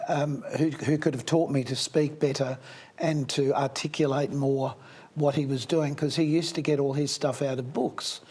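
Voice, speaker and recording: A man's voice: mid-range voice, fairly even intonation, normal speed, darkish tone, slightly rough. An older man hosting an interview, reminiscing and asking rambling questions. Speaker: host. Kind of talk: casual interview.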